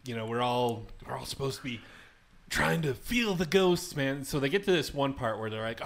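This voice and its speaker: A man's voice: medium pitch, lively intonation, normal speed, gravelly. Rambling man telling a casual story. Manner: rambling with many fillers and restarts. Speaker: podcast co-host telling a story. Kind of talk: casual storytelling among friends.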